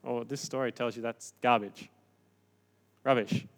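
A man preaching a sermon in a conversational, animated way, moving between quiet reflection and emphatic points. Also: medium pitch, unhurried, vocal fry. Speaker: pastor.

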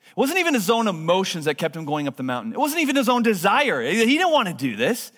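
A man's voice: high-pitched, huge pitch swings, quick pace. Earnest pastor, man, reverberant hall. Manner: earnest, swings from hushed to emphatic. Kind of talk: sermon. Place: church sanctuary.

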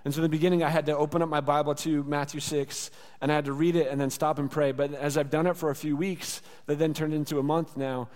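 A man's voice: on the high side, darkish tone, in a large hall. A man in his thirties preaching a sermon as a pastor, earnest and conversational, speaking prayers aloud as he teaches. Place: church sanctuary.

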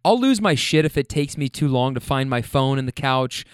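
A man's voice: medium pitch, expressive, moderate pace, smooth, no room sound. Chatty man telling a story, dry close sound. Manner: chatty, profane, laid-back with self-deprecating asides. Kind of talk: casual spoken anecdote.

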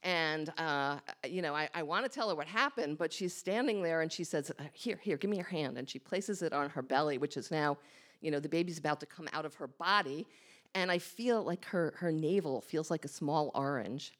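A woman's voice: low-pitched, moderate pace. A woman telling a candid, self-mocking personal story on stage before a live audience, acting out her own thoughts as she goes. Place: small hall with a live audience.

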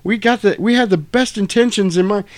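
A nervous young crook who stammers and pleads, as a man puts him on while retelling a film. The voice sits well above his normal pitch. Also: brisk, close to an everyday voice. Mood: pleading. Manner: stammering, anxious.

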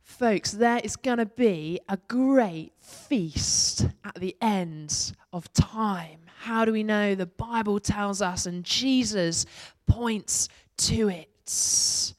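A woman preaching in church at an unhurried pace, her voice in the middle of the female range. She reads scripture expressively and rises for the shouted praise. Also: mid-range voice. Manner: slow, expressive reading that lifts for the shouted praise. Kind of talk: sermon with scripture reading.

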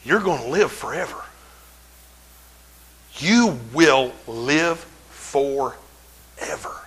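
A middle-aged man, preaching a folksy, humorous sermon in a church with drawn-out emphasis. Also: fairly high pitch, animated, fairly bright tone, breathy edge, poor audio. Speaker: pastor.

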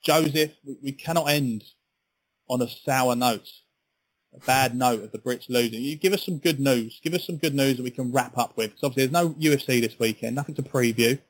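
A man's voice: mid-range voice, brisk, rough recording. A man co-hosting a sports podcast in casual, chatty talk, often repeating his words. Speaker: podcast co-host.

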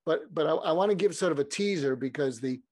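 A man's voice: on the high side, expressive, quick pace, darkish tone, no echo. Rambling man, dry close sound. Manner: meandering, frequent restarts. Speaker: podcast guest. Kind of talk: casual rambling storytelling.

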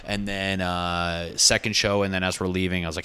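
A man's voice: deep voice, little pitch movement, normal speed, pushed and bright, a little hiss or hum. A young man, a stand-up comedian, casually telling a rambling, profane story and often correcting himself.

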